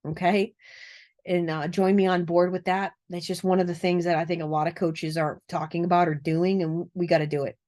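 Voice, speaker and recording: A woman coaching people on narcissism in a casual vlog, speaking earnestly from a cluttered room at home. She rambles, fills pauses with "um" and "uh," and laughs softly now and then. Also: lowish voice, little pitch movement. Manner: rambling and earnest, with frequent fillers and soft laughs. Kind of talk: casual talking-to-camera vlog.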